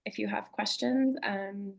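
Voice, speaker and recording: A woman presenting a retreat on a webinar video call, halting with many ums, her voice a little worn. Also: medium pitch, fairly even intonation, gravelly, low-quality recording. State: losing her voice. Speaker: retreat co-facilitator.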